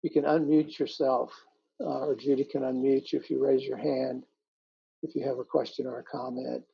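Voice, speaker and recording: A man giving a calm, measured dharma talk as a meditation teacher over a video call. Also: medium pitch, gravelly, slightly rough, dry recording. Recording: muffled video call audio.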